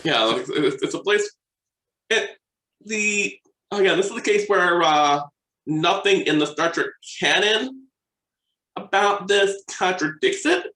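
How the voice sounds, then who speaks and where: Bright-voiced man in an echoey room. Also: high-pitched, unhurried. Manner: enthusiastic, checks his notes, trails off mid-thought. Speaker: podcast co-host. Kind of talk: casual chat.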